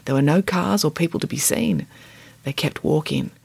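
A woman narrating a children's story aloud in a gently humorous, expressive way. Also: deep voice, normal speed, vocal fry, husky, no room sound, studio quality.

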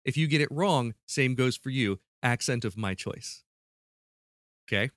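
A man's voice: mid-range voice, unhurried, fairly bright tone, no echo, clean studio sound. A man hosting a podcast, playfully running a quiz with joking stakes and laughing often. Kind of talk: casual podcast chat.

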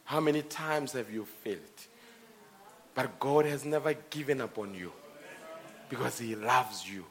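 A man preaching a sermon, telling stories, with swings between quiet earnestness and impassioned shouting. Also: mid-range voice, unhurried, pauses often.

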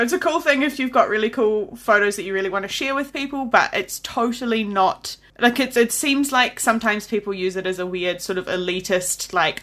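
Bright-voiced New Zealand woman. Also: fairly high pitch. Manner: chatty, laughs often, self-deprecating. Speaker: podcast host. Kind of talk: casual chat.

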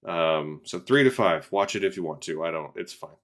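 A man's voice: low voice, animated, moderate pace. A man co-hosting a casual film review podcast, talking in a dry, weary way with many fillers and trailing remarks. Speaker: podcast co-host.

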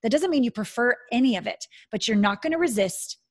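A woman's voice: fairly high pitch, lively intonation, fairly quick. A woman hosting a casual conversation, talking with enthusiasm and acting out inner voices.

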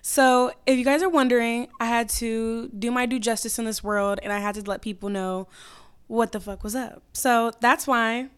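Hoarse young woman chatting on her podcast. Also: fairly high pitch, steady tone, normal speed. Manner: chatty, candid, slangy. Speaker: podcast host. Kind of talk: casual solo podcast chat.

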